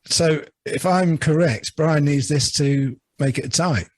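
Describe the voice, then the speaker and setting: A man's voice: fairly high pitch, unhurried, a little mellow, no echo. A man co-hosting a podcast, reading out song lyrics for a quiz in casual, jokey chat. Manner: jokey, teasing. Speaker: podcast co-host running a quiz.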